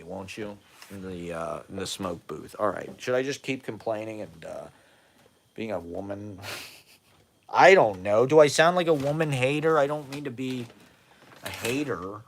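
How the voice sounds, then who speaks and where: A man's voice: lowish voice, a little hiss or hum. A man in his forties from the United States, rambling in a self-deprecating, profane monologue and laughing often, at times drifting away from the mic.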